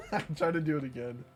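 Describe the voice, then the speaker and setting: A man casually commenting on his live gameplay in a playful, jokey way, laughing often. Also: medium pitch. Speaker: game streamer. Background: faint game music.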